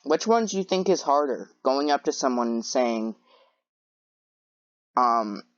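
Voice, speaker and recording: A woman's voice: very deep voice, lively intonation, a little slow, no echo. A woman commentating on clips in a sarcastic, incredulous way, with many hesitant fillers. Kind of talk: reaction commentary. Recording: dull lo-fi dry recording.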